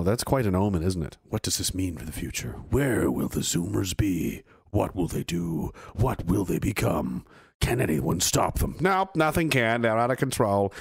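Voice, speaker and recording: Animated, profane male livestreamer. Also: on the low side, no echo, studio quality. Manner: animated, profane, swings from loud to mumbled. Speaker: livestream host reading chat. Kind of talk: casual livestream commentary.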